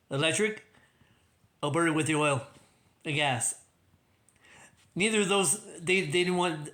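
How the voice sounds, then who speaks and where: Male livestream host, slightly high bright voice, loose rambling delivery, self-amused. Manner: rambling, many restarts, laughs at own jokes. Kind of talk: rambling casual commentary.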